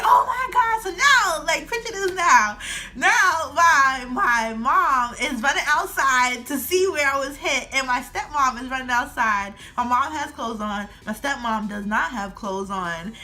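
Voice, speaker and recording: A woman's voice: sits high, sharp tone. A woman in her twenties telling a storytime vlog at home, laughing often as she talks. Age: 20s. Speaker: vlogger.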